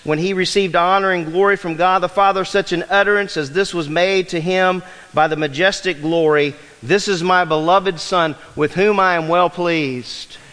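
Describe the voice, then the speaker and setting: Male pastor, 50s, high voice, emphatic preacher asking the room questions; long hall echo. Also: steady tone, moderate pace, fairly bright tone. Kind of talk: sermon. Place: church sanctuary. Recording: long reverb of a large hall.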